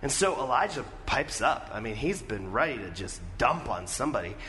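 Lively, bright-voiced male preacher. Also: medium pitch, normal speed, long reverb tail, faint music behind. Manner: storytelling, asks the congregation questions. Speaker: pastor. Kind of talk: sermon.

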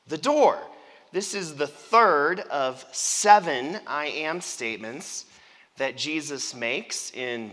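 Man, pastor; sermon, chatty and playful; crisp bright tone; big echoing sanctuary. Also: mid-range voice. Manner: conversational, playful, engages the congregation. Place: church sanctuary. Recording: long church reverb.

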